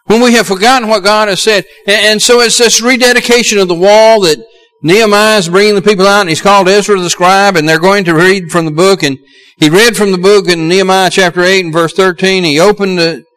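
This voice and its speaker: A man's voice: sits high, fairly bright tone, rough recording. A middle-aged man with a Southern US accent preaching a sermon as pastor, earnest and building to emphatic exhortations.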